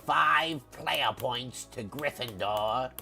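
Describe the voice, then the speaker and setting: A congested man putting on a silly, over-the-top British accent to announce prizes, slow and drawn out. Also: medium pitch, vocal fry, sharp tone, faint music behind, exaggerated voice. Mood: pompous. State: congested from a cold.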